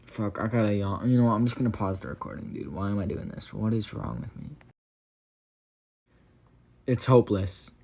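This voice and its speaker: A man's voice: on the low side, quick pace, vocal fry, few pauses, darkish tone. A man reading a first-person horror story aloud, stumbling over words, correcting himself, and breaking off for casual profane asides to the listener.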